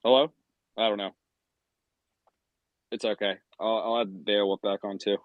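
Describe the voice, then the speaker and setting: A man's voice: on the low side, flat delivery, normal speed. A man talks in casual, profane bursts, pacing outdoors on a spotty call. The sound is dull and lo-fi, with little room echo. He rants with rising heat. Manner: profane, rants loudly and gets worked up. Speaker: podcast host. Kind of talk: casual chat over a call. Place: outside, pacing. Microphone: phone call at the edge of wifi range.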